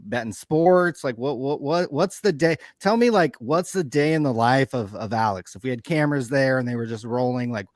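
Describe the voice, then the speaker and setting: A man's voice: medium pitch, no room sound, clean studio sound. A man hosting a live call-in show, asking a guest loose, joking questions. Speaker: show host. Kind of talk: casual chat.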